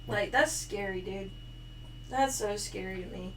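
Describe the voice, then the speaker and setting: A woman co-hosting a casual podcast, chatty and quick to laugh. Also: mid-range voice. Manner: laughs often, chatty and animated. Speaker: podcast co-host. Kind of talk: casual chat. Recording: distant mic with faint noise.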